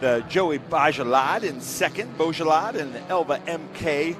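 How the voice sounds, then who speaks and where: A man co-commentating a motor race, rattling briskly through the starting grid with short remarks on the cars. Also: a little high, expressive, music in the background. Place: outdoors at a race track.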